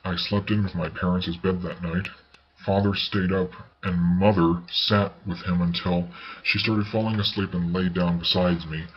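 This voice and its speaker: A man reading a ghost story aloud as narrator, in a measured, unhurried way. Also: sits low, steady tone. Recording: slightly dull recording with faint hiss.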